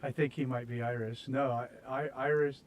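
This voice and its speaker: A man's voice: mid-range voice, steady tone, moderate pace, a little hiss or hum, poor audio. American male streamer, casual rambling chat, self-deprecating humor. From United States. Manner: rambling, self-mocking, laughs at his own jokes. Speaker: streamer host. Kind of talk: casual chat while building in a game.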